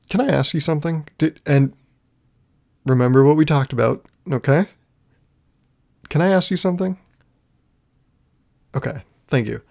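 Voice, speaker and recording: A young male podcast host with a gravelly, fry-edged voice at an ordinary pitch for a man. He talks alone to his listeners and rambles through self-mocking comic stories, often chuckling at his own jokes. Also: a little mellow. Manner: rambling, self-deprecating storytelling with frequent laughs. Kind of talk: comedic solo podcast monologue.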